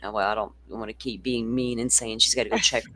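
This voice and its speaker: A woman's voice: very deep voice, steady tone, fast talker, fairly bright tone. Blunt Southern woman, casual chat. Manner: salty, blunt, swears freely. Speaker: host.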